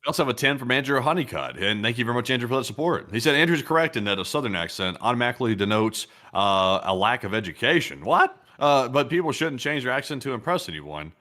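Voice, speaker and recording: Quick man reading viewer messages. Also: medium pitch, lively intonation, pushed and bright. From US South. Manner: reads messages aloud, then reacts in a chatty way. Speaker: co-host reading viewer comments. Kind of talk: casual talk reading viewer comments.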